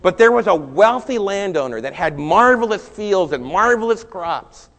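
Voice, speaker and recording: A man preaching a sermon, telling a Bible story with animated rises and quieter stretches. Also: sits high, moderate pace, big-room sound. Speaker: pastor.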